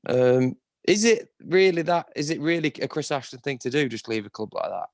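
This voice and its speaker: A man's voice: fairly high pitch, animated, fairly quick. A man in his thirties from northern England, a guest in a casual interview, answering in a laid-back, wry way. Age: 30s. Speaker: guest, former rugby player.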